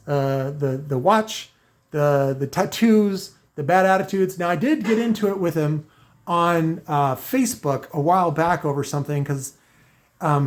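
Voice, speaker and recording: A man with a fairly high voice ranting straight to camera. He rambles, keeps restarting his sentences and leans into sarcasm as he talks to his viewers. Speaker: car audio video maker. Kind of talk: unscripted rant to camera.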